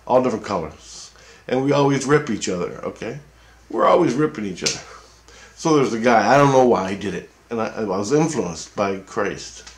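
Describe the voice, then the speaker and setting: Man, rambling casual monologue; profane, repetitive, slightly low pitch. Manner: profane, repetitive, keeps asking "okay?". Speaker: vlogger recounting a dream.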